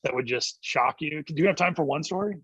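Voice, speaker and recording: A middle-aged man, a youth ministry director, telling an animated story as a guest on a church interview show. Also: fairly high pitch, slightly rough, dry recording, highs cut off. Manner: animated storyteller acting out quotes, quick laughs.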